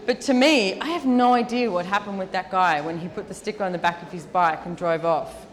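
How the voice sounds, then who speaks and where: A woman talks through a live seminar Q&A in a loose, chatty way. Her voice sits at an ordinary middle pitch. A long hall reverb trails each phrase, as at a large event. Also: a little fast. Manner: chatty and lively, with many "like"s. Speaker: featured speaker answering audience questions.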